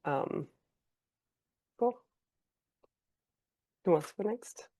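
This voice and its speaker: A woman's voice: fairly low pitch, animated, very slow, dark tone. A woman moderating a panel on a video call, giving brief, friendly handoffs. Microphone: computer mic on a video call.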